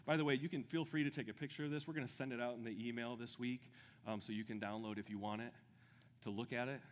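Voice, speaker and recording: A man preaching a sermon with great enthusiasm, dropping to a hush and then building to shouts. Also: mid-range voice, long reverb tail. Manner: enthusiastic, swings from hushed to shouting. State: out of breath. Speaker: pastor.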